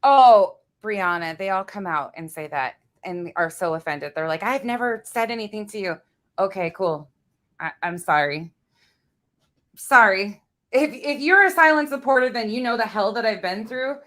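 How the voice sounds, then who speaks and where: A woman's voice: medium pitch, animated, moderate pace, a bit bright. A woman hosting a casual livestream chat, blunt and profane, laughing often as she talks to her chat. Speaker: livestream host.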